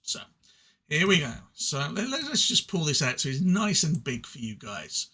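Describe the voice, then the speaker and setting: A man's voice: on the high side, big pitch swings, normal speed, pushed and bright, breathy edge. An English man with an English accent reviewing card game cards in a rambling, self-deprecating way with frequent stuttered restarts. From England. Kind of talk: casual solo review.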